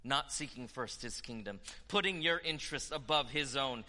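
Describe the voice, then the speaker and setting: A man preaching a sermon with passion, dropping to hushed tones and rising to loud declarations. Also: mid-range voice, moderate pace, long reverb tail. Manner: impassioned, swinging from hushed to loud.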